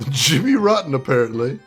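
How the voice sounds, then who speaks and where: Amused man commenting on a game. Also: mid-range voice. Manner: chatty, amused. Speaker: game streamer. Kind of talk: let's play commentary.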